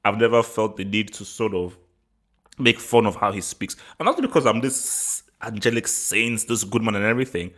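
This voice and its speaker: A man's voice: fairly low pitch, moderate pace, a bit bright. A man from England hosting a football channel, giving his opinion in a rambling, casual vlog with frequent laughs and repeated words.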